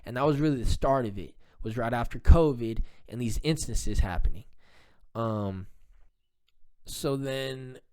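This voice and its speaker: A man's voice: mid-range voice, a little slow, darkish tone, smooth. A man casually telling a rambling personal story, with frequent fillers and repetitions. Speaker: vlogger telling his life story.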